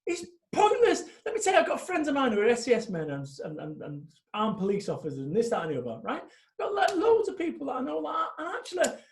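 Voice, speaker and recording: A man's voice: extremely high pitch, huge pitch swings, quick pace, gravelly. A man in his forties, a guest speaker talking bluntly and animatedly in a casual interview, swearing freely. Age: 40s. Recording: echoey room.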